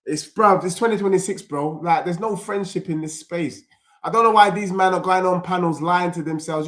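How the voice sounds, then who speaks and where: An excitable young man, reacting live to a football match and bantering with his chat in heavy street slang. His voice sits a touch high for a man. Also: normal speed. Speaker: football streamer.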